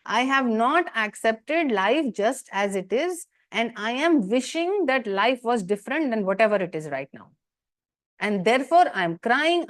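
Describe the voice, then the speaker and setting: A woman, teaching as a spiritual teacher in an earnest commentary talk full of rhetorical questions and emphatic repetition. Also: on the high side.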